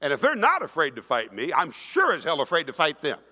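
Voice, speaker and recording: An older man in his sixties tells stories from a stage in an emphatic, animated way. His voice sits fairly high and swings widely, with a bright, forceful edge. A long hall reverb trails behind him. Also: fairly quick. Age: 60s. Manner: animated, emphatic storytelling, acts out quoted voices. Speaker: keynote speaker. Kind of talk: storytelling speech to an audience. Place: conference hall.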